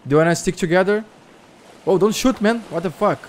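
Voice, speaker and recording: A Brazilian gameplay streamer with a Brazilian Portuguese accent excitedly chats and shouts with other players in an online survival game. His voice is high and a little fast, loud and excitable, full of laughter, and he switches between Portuguese and English.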